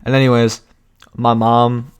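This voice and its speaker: A man's voice: mid-range voice, flat delivery, unhurried, clean tone. A young man vlogging a casual storytime, rambling and cutting himself off, laughing often.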